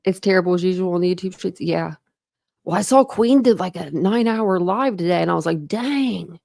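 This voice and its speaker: A woman hosting a livestream, chatting casually and greeting her viewers one by one, warm and grateful toward them. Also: fairly low pitch, fairly quick, gravelly, no echo. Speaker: livestream host. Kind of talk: casual live chat with viewers.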